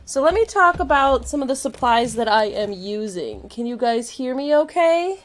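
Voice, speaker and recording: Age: adult. Style: bubbly live-stream craft chat. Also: female voice, high voice, lively intonation, moderate pace. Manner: bubbly and chatty, greeting viewers by name. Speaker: craft channel host.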